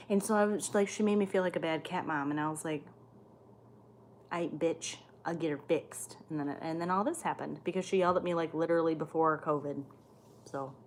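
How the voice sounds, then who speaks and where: A woman hosting a livestream who reads viewer comments aloud and answers them in blunt, chatty talk, swearing freely. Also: lowish voice. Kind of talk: casual chat.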